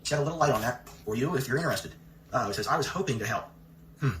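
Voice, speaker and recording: A man's voice: mid-range voice, animated, quick pace, fairly bright tone, slight background noise. A man hosting a commentary video, reading out a letter and firing off pointed rhetorical questions. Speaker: commentary channel host. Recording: echoey room.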